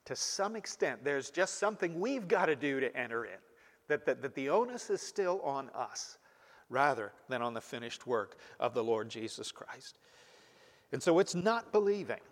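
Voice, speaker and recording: A man preaching an expository sermon as pastor, emphatic and repeating key words with frequent "you see". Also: mid-range voice. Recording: long hall reverb.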